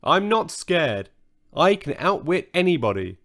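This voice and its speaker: Man doing a pompous talking unicorn, vain, haughty, sulky, high lively voice, unhurried, storybook. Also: full character voice. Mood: sulky boastful. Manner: haughty, sulky, self-admiring. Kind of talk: children's storybook reading.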